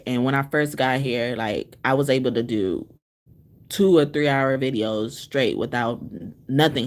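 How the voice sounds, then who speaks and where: A woman's voice: a bass voice, darkish tone. A woman giving a casual livestream tarot reading from a room in a shelter into her phone, rambling, swearing and laughing often. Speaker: tarot reader.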